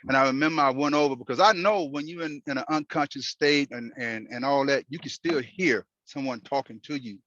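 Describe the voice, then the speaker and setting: A man telling a personal story while driving, in an earnest, halting way with many restarts. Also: medium pitch, a bit bright, no room sound, muffled recording. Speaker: host. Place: in a moving car.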